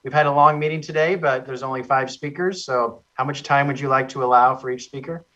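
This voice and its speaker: A man on county staff formally reading meeting procedure with a measured manner. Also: mid-range voice, steady tone, sharp tone. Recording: distant muffled meeting audio.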